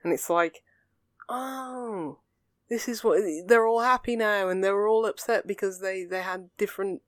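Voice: medium pitch, fairly even intonation, a little fast, fairly bright tone, dry recording. A young adult, a podcast co-host in casual chat who rambles earnestly through fillers and restarts. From England.

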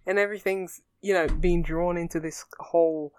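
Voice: mid-range voice, steady tone, moderate pace, clear, resonant tone, no echo. A young adult, a podcast co-host in casual chat who rambles earnestly through fillers and restarts. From England.

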